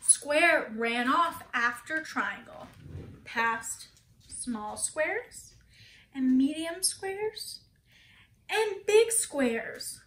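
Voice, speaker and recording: A woman's voice: high voice, expressive, drawn-out words, a bit bright, echoey room, a little hiss or hum. A woman teacher reading a picture book aloud to children, asking them questions and gasping for effect.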